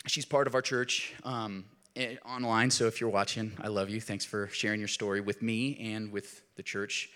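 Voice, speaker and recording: A middle-aged man, a pastor, preaching a sermon in an animated storytelling way, rising to loud emphasis and dropping to quiet. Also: on the low side, normal speed, hardly any pauses.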